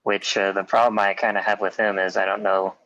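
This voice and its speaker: A low, flat-voiced man speaks haltingly on a call, filling gaps with "uh". The sound is dull, like a cheap mic. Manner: hesitant, with fillers. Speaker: league member on a call. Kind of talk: casual chat.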